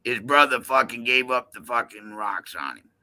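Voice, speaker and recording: A man chatting casually, loud, crude and heavily profane. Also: mid-range voice, moderate pace. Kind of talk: casual chat.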